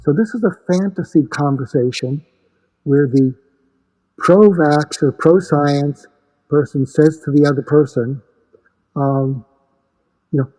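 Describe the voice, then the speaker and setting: An earnest male guest speaking in a fairly high voice. He explains by acting out imagined conversations and often restarts his sentences. Long reverb trails behind his voice. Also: takes it slowly, pauses often, warm tone. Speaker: guest, suicide prevention expert. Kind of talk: conversational explanation with acted-out dialogue.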